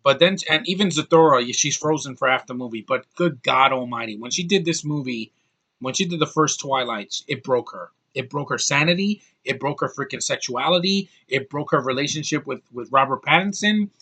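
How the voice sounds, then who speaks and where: A man's voice: mid-range voice, a little fast, bright, forceful tone. A man giving a casual, ranting film review, blunt and heated, often repeating and restarting his words. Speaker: movie reviewer.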